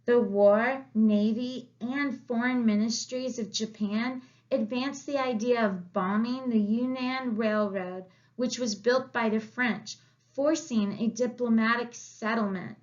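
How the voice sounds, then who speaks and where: A woman narrates a history lesson in a calm, unhurried lecture style. Her voice sits a little on the high side, and she lingers over her words. The recording sounds muffled and lo-fi. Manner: slow and deliberate, with quoted asides. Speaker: history teacher. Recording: dull lo-fi recording.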